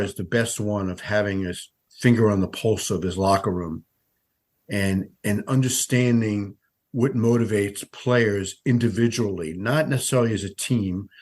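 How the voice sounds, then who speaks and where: A man's voice: on the low side, a little mellow. A man in his sixties, a veteran sportswriter, telling stories as a podcast guest in a conversational way with frequent restarts. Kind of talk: podcast interview.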